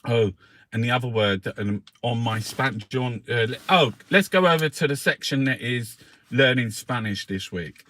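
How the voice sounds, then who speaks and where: A man's voice: medium pitch, moderate pace, fairly bright tone. A man hosting a casual live newspaper review, swearing often and chatting to his viewers with jokey asides. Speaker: livestream host reviewing newspapers. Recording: faint background noise.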